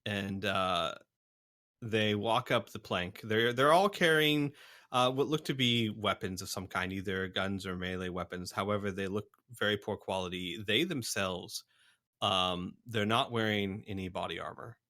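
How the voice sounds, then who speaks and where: Bright-voiced man game master. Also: on the low side. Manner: halting, full of fillers. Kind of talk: narrating a tabletop game.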